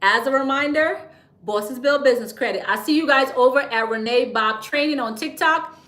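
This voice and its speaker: A woman hosts a casual livestream, chatty and quick to laugh. Her voice sits high and sounds bright. The room around her is echoey. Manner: chatty and playful, laughs often, drops into a whisper to share tips. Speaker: livestream host teaching business credit. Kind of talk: casual livestream talk to viewers.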